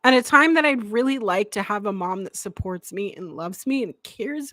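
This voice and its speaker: A woman's voice: mid-range voice, expressive, normal speed, hardly any pauses, a bit bright, dry recording. Woman host, raw heartfelt monologue, swears a lot, dry close sound. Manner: emotional, blunt, swears freely. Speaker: podcast host. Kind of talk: candid live podcast monologue.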